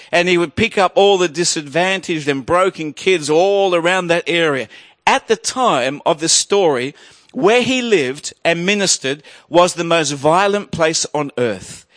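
A male pastor preaching a sermon, swelling loud on key points and dropping low and slow while telling a story. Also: dry recording.

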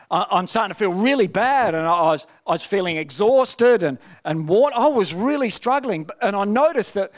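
High-voiced preacher. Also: male voice. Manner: personal testimony with many restarts and rhetorical questions. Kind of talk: sermon.

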